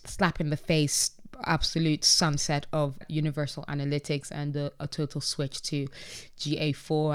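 Smooth-voiced, chatty podcast host. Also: mid-range voice. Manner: chatty and upbeat, with frequent laughs and self-corrections. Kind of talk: casual podcast recap, reading out chat posts.

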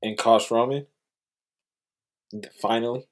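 A man in casual podcast chat, giving relaxed opinions and agreeing with the others. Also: mid-range voice, slow pace.

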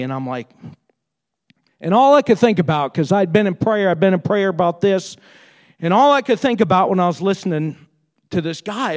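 A man with a high-set voice delivers a sermon. He tells the story with deep feeling and stumbles over repeated words when moved. Then he climbs into fervent, emphatic preaching.

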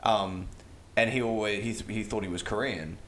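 A man's voice: on the low side, fairly even intonation, normal speed, fairly bright tone, slight background noise. An Australian man co-hosting a podcast, telling stories in a casual, rambling way full of fillers. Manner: rambling, filler-heavy storytelling. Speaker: podcast co-host. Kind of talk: casual chat.

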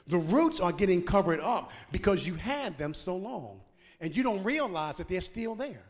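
A male preacher with a high, ringing voice alternates between shouted, half-sung cadences and quiet, chatty remarks to the congregation. The recording carries the long reverb of a church sanctuary.

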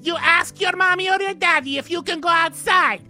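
A woman's voice: extremely high pitch, moderate pace, bright, forceful tone, soft background music, heavily acted. A woman voicing a childish call-in show host who gives earnest, babyish advice. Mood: chirpy. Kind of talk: comedy radio call-in sketch.

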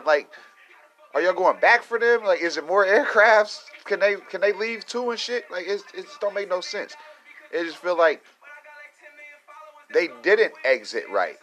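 A man's voice: sits high, a bit bright. Profane rambling man. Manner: profane, rambling, laughs often. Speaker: vlogger. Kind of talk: casual rant to viewers.

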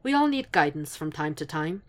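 A woman voices a composed, suave older male psychiatrist in this audiobook reading. He speaks in a low, hushed voice, measured and soothing, never raised. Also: big pitch swings. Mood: calm.

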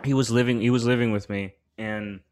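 A man's voice: mid-range voice, steady tone, fairly quick, darkish tone, clean tone. A man hosting a podcast, telling a story in a rambling casual chat full of slang and swearing, his voice rising when he gets worked up. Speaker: podcast host.

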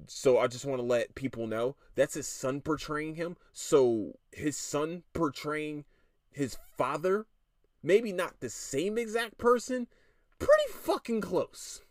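A man's voice: a little high, dry recording, studio quality. A tired podcast host, a man, ranting casually with lots of swearing and stammered restarts. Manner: irritated, profane, rapid restarts and stammers.

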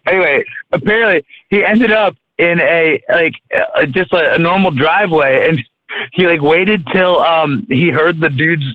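A man's voice: fairly high pitch, normal speed. Rambling casual man from Maryland. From Maryland, USA. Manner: rambling and profane, with many fillers and restarts. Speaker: podcast co-host. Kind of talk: casual chat, storytelling. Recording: tinny phone-like, dry sound.

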